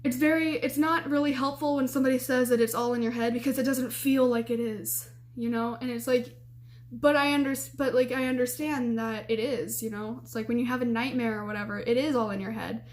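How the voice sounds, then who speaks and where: A woman's voice: on the high side, fairly even intonation, fairly quick. Young woman telling a chatty story. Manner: chatty, full of "like" and "you know". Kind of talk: casual storytime vlog.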